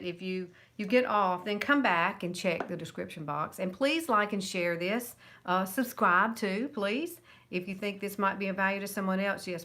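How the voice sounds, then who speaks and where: A woman's voice: medium pitch, bright, forceful tone. Chatty Southern woman over fifty. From American South. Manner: chatty and encouraging, with little laughs. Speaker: makeup vlogger. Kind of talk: casual makeup tutorial, live.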